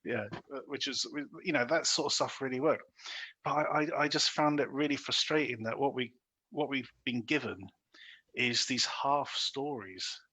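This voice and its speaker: A man hosting a casual podcast chat about films, animated and full of fillers, acting out lines he quotes. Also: medium pitch, moderate pace, slightly rough. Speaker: podcast host. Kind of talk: casual film review chat.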